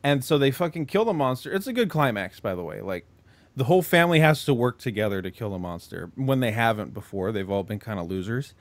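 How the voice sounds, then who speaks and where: Very animated and fast-talking, this medium-pitched man co-hosts a podcast and casually walks through a horror movie plot. His delivery is profane and rambling, packed with "like," filler, and restarts as he circles back on himself. No room sound is audible.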